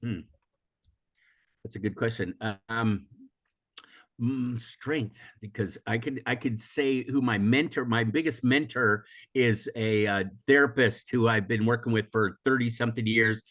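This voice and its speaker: This interview guest is an older man from the USA who teaches emotional intelligence, and his casual, reflective talk wanders, self-corrects, and breaks into frequent laughter. Recovering from being sick, he sounds hoarse and coughs now and then. His mid-range voice has a fairly bright tone and moves a little slowly.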